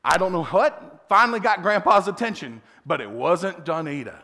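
Chuckling middle-aged pastor in a reverberant hall. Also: male voice, high-pitched. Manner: animated, chuckling storyteller with quick asides. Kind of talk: sermon storytelling.

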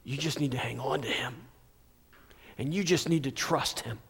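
A man's voice: medium pitch, normal speed, vocal fry, husky. Man preaching in a reverberant hall. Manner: swings between loud emphasis and hushed, near-whispered passages. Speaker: pastor. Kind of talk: sermon.

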